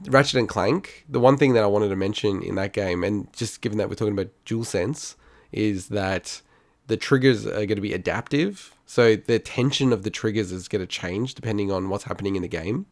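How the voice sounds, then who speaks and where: A man's voice: on the low side, a little fast, dry recording. A man co-hosting a podcast, arguing his point in casual chat and laughing often. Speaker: podcast co-host.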